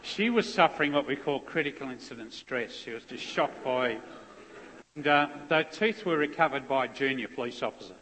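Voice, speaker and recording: A man's voice: medium pitch, normal speed, a bit bright, a little hiss or hum. A middle-aged man, a police officer giving a heartfelt, conversational personal testimony as a guest speaker. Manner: heartfelt, conversational storytelling with restarts. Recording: long echoey hall reverb.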